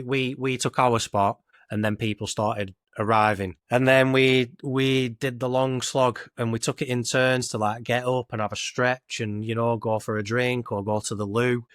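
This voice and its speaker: A man's voice: medium pitch, dry recording, studio quality. A young man with a Lancashire accent, co-hosting a podcast and telling a long, rambling story in casual northern dialect. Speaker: podcast co-host.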